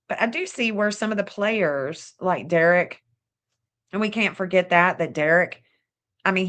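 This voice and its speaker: Southern lady talking loose on a stream, keeps restarting sentences, voice a bit low. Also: fairly bright tone. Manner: rambling, repeats herself, frequent restarts and small laughs. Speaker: online true-crime astrology host. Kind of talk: casual livestream chat.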